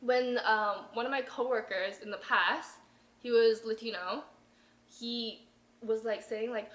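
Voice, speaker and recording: A young woman with a high, bright voice tells stories on her podcast in loose, casual chat. Her pitch jumps around with energy, she swears freely and acts out what others said. The sound is echoey, as if recorded in a bare room. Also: steady tone, measured pace. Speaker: podcast host. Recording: roomy echo.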